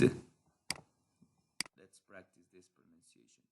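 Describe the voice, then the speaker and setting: A man teaches English from a workbook, his voice sitting slightly low. He moves slowly and patiently, repeating each verb form so learners can copy the sound. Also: completely flat delivery. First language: Spanish. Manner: slow, patient, repeats each word for pronunciation. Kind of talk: workbook lesson walkthrough.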